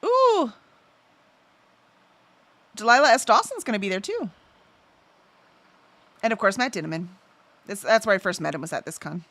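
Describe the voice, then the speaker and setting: A woman's voice: mid-range voice, sing-song, a little fast, long pauses, fairly bright tone, no echo. A woman hosting a casual livestream, chatting and reading out viewer messages, easily sidetracked and full of fillers. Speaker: livestream host.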